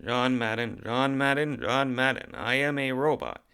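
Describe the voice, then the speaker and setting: A man putting on the voice of a male robot, speaking loudly in a stiff, evenly spaced monotone. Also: medium pitch, moderate pace, smooth. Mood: robotic.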